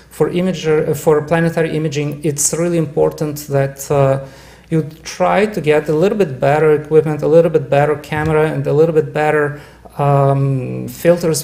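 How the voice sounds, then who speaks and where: Halting man giving a club talk. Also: on the high side, creaky, a little mellow. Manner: halting, many fillers and restarts. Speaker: club presenter. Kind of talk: casual club presentation. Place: club meeting room.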